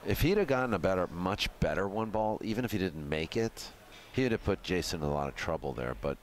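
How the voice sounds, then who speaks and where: A man doing live commentary on a pool match in a pool hall, chatty and excitable. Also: low voice, a little fast, slight background noise.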